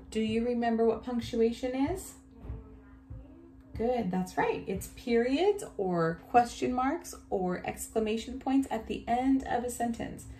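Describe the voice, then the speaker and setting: A woman teacher giving a recorded reading lesson to young children, reading each line slowly and praising often. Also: fairly high pitch, mellow. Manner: slow, exaggerated reading aloud with cheerful praise. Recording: echoey room, faint background hum.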